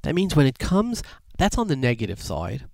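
Animated storytelling rabbi, dry sound. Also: male voice, medium pitch, moderate pace, vocal fry, no room sound. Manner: animated storyteller, lively voice shifts. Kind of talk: sermon with anecdotes.

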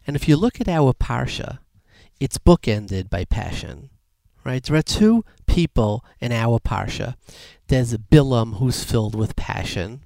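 A rabbi delivering a sermon in an animated storytelling way, changing his voice as he acts out the people in his anecdotes. His voice sits in a middle range for a man. The recording is dry and close. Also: mid-range voice, unhurried, gravelly, few pauses, no echo. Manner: animated storyteller, lively voice shifts.

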